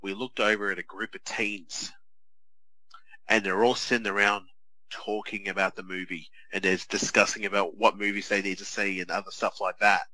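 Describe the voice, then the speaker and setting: A man, co-hosting a podcast and telling stories in a chatty, animated way full of restarts. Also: low voice, normal speed, dry recording, low-quality recording. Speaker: podcast co-host. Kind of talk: casual chat.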